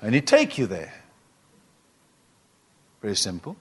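A man preaching a sermon, swinging between emphatic rising exhortation and quiet, low asides. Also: huge pitch swings, unhurried, slightly rough.

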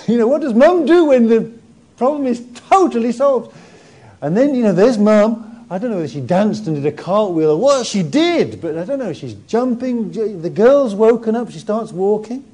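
A man preaching a sermon, retelling the story with animated energy and warm humour. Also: high-pitched, normal speed.

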